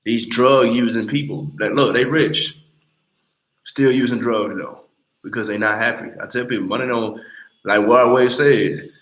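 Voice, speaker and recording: A man in his late twenties talking bluntly and with lots of swearing on a casual livestream, telling animated stories. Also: mid-range voice, normal speed, reverberant, rough recording. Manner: blunt, profane, animated storytelling. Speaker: livestream host.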